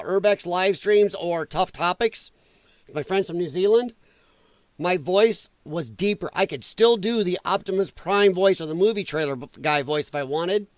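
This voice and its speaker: A man hosting a casual reaction livestream, his voice strained and damaged from breathing trouble, blunt and opinionated and quick to swear. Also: high voice, clean tone, dry recording. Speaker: livestream host.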